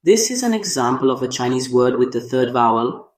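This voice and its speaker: A man narrating a scripted language lesson, speaking deliberately and drawing out sounds to demonstrate them. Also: mid-range voice, big pitch swings. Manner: slow, deliberate delivery demonstrating tones with drawn-out sounds. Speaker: language teacher.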